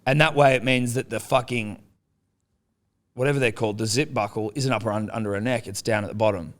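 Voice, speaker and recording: This young man co-hosts a casual podcast, his mid-range voice moving a little fast. He swears a lot and tells a story with animated energy, acting out the quotes.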